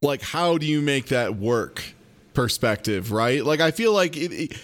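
A man co-hosting a podcast, joking around in an animated, rambling way. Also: medium pitch, measured pace. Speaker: podcast co-host. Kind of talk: casual chat.

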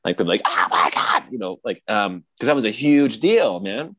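A man chatting casually on a podcast, rambling with lots of fillers and excited retellings. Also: on the low side, brisk. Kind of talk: casual chat.

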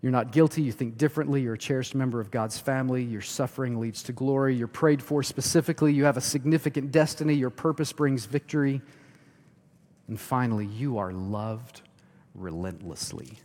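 Male pastor, middle register, dynamic sermon delivery from loud to hushed, long reverb of a large hall. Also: mid-range voice, a little fast. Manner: swings from loud emphatic to hushed near-whispers.

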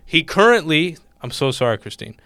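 Man, young adult, from Illinois, smooth resonant voice, close dry sound, casual profane storytelling. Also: on the high side, normal speed, no room sound. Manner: animated, profane, acts out voices in anecdotes.

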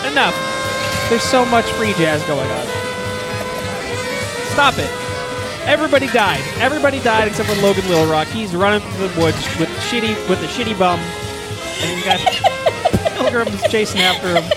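Profane rambling man over loud jazz. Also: high-pitched, wildly swooping pitch, normal speed, long pauses. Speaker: podcast co-host. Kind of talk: crude comedic banter. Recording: loud free jazz music behind.

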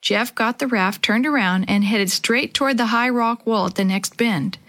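A woman narrating a children's adventure story aloud, voicing the kids' lines in a higher, lively pitch. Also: moderate pace. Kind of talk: children's audiobook reading with character voices.

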